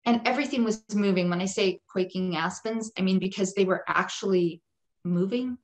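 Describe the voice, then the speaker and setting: A woman's voice: medium pitch, moderate pace. A woman guest on a podcast, telling a personal testimony in an earnest, vivid way and repeating phrases for emphasis. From Jewish home.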